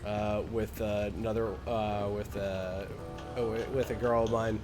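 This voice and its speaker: A man's voice: fairly low pitch, level tone, unhurried, over loud music. A man streaming a game, telling a long story in a rambling, casual way and laughing at his own jokes. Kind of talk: casual storytelling while gaming. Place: home streaming setup.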